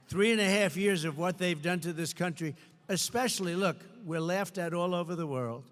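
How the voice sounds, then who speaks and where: An older man giving an emphatic, repetitive campaign rally speech, sometimes shouting, recorded in a large indoor venue through a podium mic. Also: high voice, fairly quick. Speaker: political candidate. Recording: long hall reverb, faint crowd ambience.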